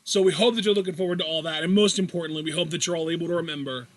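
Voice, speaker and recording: A man co-hosting a casual Q&A show, joking and energetic, wrapping up the episode. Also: fairly high pitch, very fast. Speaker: podcast co-host. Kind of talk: casual chat.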